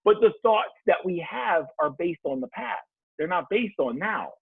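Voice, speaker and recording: A man's voice: high-pitched, normal speed, gravelly, slightly rough, dry recording. A man talking as a coach guest in a casual podcast chat, telling stories with lots of swearing. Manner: animated storyteller, swears freely. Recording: tinny phone-like line.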